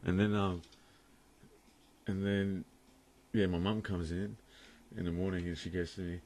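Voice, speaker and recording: Deep-voiced guy, laughing through crude stories. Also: level tone, unhurried, a little mellow. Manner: crude, rambling, laughs often mid-sentence. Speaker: vlogger. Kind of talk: casual storytelling to camera. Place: room at home, indoors.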